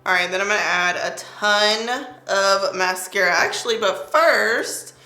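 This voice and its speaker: Woman, young, bright forceful voice, playful chatty makeup tutorial, roomy echo. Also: medium pitch, measured pace. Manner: chatty, playful, talks through each step. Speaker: beauty vlogger. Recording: roomy echo, faint music.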